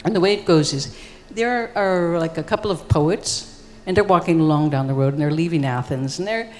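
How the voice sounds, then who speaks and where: A woman's voice: deep voice, moderate pace, a little mellow. A woman telling an ancient tale on stage at a live festival, in a casual, rambling way full of "like" and "you know". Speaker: storyteller. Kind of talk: live storytelling performance. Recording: long reverb of a live hall.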